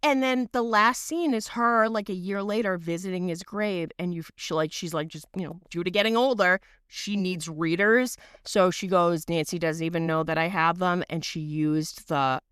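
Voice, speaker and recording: A woman in her thirties co-hosting a podcast, telling a story in a loose, rambling way with lots of fillers and the odd swear word. Her voice sits on the low side and is smooth and clear. The sound is dry and close, with no room echo. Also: steady tone, moderate pace, few pauses. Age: 30s. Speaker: podcast co-host. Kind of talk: casual chat.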